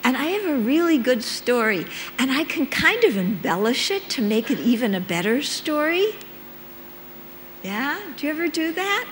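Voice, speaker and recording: A woman leads a conversational dharma talk, speaking slowly and pausing to check in with her listeners. Her voice carries a long reverb, as if recorded in a hall. A faint hum sits underneath. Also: on the high side, big pitch swings, a bit bright. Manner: unhurried, checks in with listeners with "okay?". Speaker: meditation teacher.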